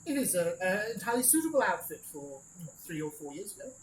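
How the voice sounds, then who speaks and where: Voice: medium pitch, lively intonation, brisk, reverberant, a little hiss or hum, close to an everyday voice, low-quality recording. A GM doing a flamboyant halfling designer. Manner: theatrical, fawning, showy.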